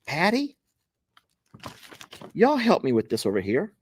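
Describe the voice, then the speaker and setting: A man's voice: on the high side, huge pitch swings, unhurried, slight background noise. A man hosting a casual vlog, chatting folksily and directly to his viewers as he opens gifts. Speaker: vlog host. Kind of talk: casual vlog chat while opening gifts.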